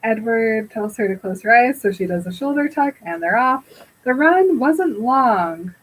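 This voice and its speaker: A woman's voice: a little high, a little slow, poor audio. A woman podcast co-host casually retelling a book chapter, acting out the dialogue as she goes. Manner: animated retelling with quoted dialogue and laughter. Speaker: podcast co-host recapping a novel.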